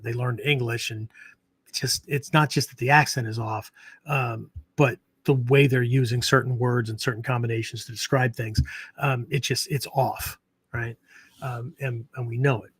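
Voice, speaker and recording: Rambling middle-pitched man, dry sound. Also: slightly rough, no room sound. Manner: rambling, many fillers and restarts, frequent "right?". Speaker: podcast host and martial arts teacher. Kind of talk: casual unscripted talk.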